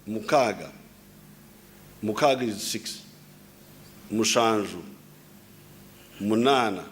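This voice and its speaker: A man addresses a crowd without a script. His pitch is mid-range, and he speaks in a lecturing way, explaining word by word. He often stumbles, restarts and repeats words. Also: slow pace, long pauses, slight background noise. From Uganda. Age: 70s. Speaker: head of state giving a speech. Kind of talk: unscripted public address.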